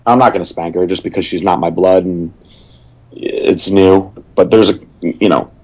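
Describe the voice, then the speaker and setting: A male guest with a very low, darkish voice speaks plainly and sternly in a casual chat, hesitating with fillers as he goes. His tone stays steady at a normal pace, and the audio is dull and lo-fi.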